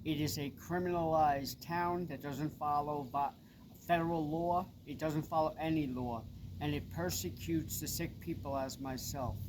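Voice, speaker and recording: A man's voice: a little high, fairly even intonation, moderate pace. A middle-aged man with a Long Island accent, making an urgent, insistent personal appeal straight to camera. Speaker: person making a public complaint. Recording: noisy with vehicle sounds behind.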